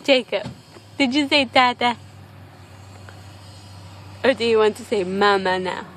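A woman's voice: on the high side, a little slow, a bit bright. A mother filming her baby at home, coaxing him in a sing-song, repetitive baby-talk voice. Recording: home video with background noise.

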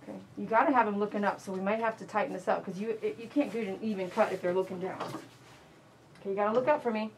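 A woman's voice: mid-range voice, quick pace, slight background noise. A woman, a dog groomer chatting casually to her live-stream viewers while she works in her grooming salon. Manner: chatty and animated, mimics callers loudly.

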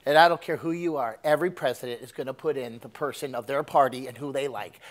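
A man preaching a sermon, animated, swinging between loud emphatic bursts and low asides. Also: fast talker. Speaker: pastor.

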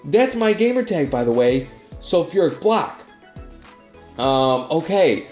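Young man, stuffed-up nose, excitable, swooping lively pitch, echoey room. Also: slow pace, faint music behind. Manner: excitable, gushing exclamations. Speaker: YouTuber. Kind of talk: casual vlog reading fan mail.

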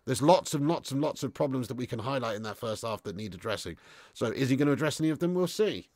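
A man's voice: mid-range voice, expressive, fast talker, a little mellow, no room sound, clean studio sound. A young man hosting a live football watch-along, reading out viewer comments and sounding frustrated, blunt and given to casual swearing. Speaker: football fan channel host.

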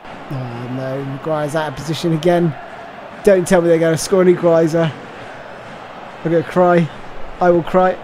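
A man commentating on his own football video game match, switching between hushed despair and shouted celebration. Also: high voice, a little hiss or hum. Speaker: gaming commentator. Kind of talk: excited gameplay commentary.

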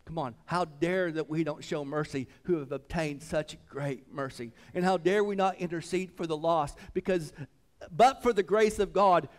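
Slightly high in pitch, a male pastor preaches at normal speed with few pauses. He shifts between fervent loudness and hushed reverence, repeating himself and crying out "come on."

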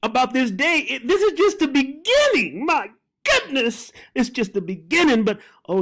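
A fervent preacher teaching scripture, who sounds overwhelmed with excitement. The voice leaps up and drops low, with lines repeated and slowed for emphasis. Prayers and bursts of laughter break in mid-sentence. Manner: overwhelmed and exclamatory, repeating phrases and praying aloud. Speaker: Bible teacher.

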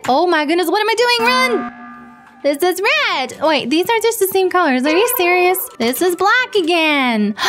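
A woman whose first language is Dutch, playing a guessing game on camera and cheering at her answers. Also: sits high. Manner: excitable, gasping and cheering, talks to the screen. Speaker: gaming YouTuber.

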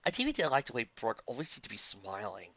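A woman reading a fan fiction story aloud as narrator, in a plain, steady reading voice. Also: extremely low pitch, fast, no room sound, highs cut off.

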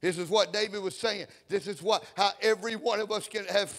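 A pastor preaching a sermon, swinging from quiet reading to shouted, half-sung lines and punctuating his phrases with "uh" and "huh.". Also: high-pitched, fairly even intonation, fairly quick.

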